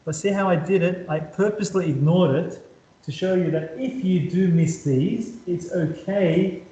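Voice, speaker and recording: The recording is lo-fi and echoey as a high-pitched, mellow-voiced maths tutor teaches calculus at a whiteboard at a measured pace. He repeats words while he draws and quizzes his student again and again.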